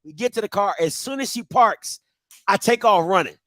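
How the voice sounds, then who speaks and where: A man's voice: high voice, lively intonation, normal speed, fairly bright tone, dry recording. A young man telling a childhood story on a talk show, acting out his younger self with screams and laughter. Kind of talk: animated storytelling.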